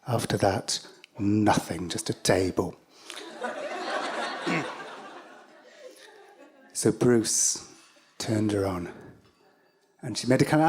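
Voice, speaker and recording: A man's voice: on the low side, a little mellow, husky. An English-accented man telling a personal story live, in a wry, self-mocking way with stop-start phrasing.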